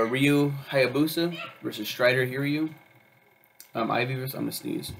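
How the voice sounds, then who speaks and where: A young man talks his way through a video review in a loose, rambling way, full of ums and swearing. His voice is gravelly and sits at a middling pitch. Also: a bit bright, a little hiss or hum. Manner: rambling, profane, with many ums and uhs. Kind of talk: casual chat.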